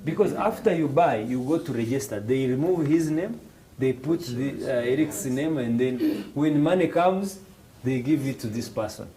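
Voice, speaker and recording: The recording is rough, and the man's medium-pitched voice moves at a moderate pace. With a Rwandan English accent, he's a financial literacy instructor explaining financial markets in class, animatedly acting out examples in raised voices and backing up to restart phrases.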